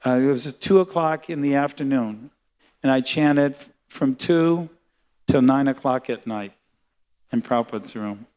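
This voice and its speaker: An older man giving a sermon built around a personal memory, speaking in a halting, heartfelt way with frequent restarts. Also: medium pitch, darkish tone, lo-fi sound. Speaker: guest speaker at a temple class.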